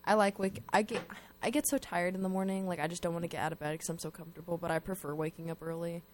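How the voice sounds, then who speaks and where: A woman's voice: fairly low pitch, steady tone, slight background noise. Chatty teenage girl hosting student radio. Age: teens. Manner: chatty, quick and rambling. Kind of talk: casual chat.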